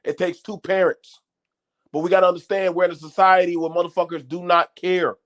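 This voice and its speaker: Blunt stammering man with a raised pitch. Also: level tone, a little fast. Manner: blunt, swearing, repeats himself and stammers on restarts. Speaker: channel host. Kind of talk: unscripted commentary to viewers.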